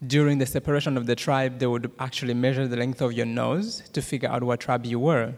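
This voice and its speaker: A man in his thirties from Rwanda with a Rwandan accent gives a church testimony and prayer, talking fast with many "uh" fillers and jokes with the audience. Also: mid-range voice, fairly even intonation. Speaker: guest speaker giving a testimony. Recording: long hall reverb.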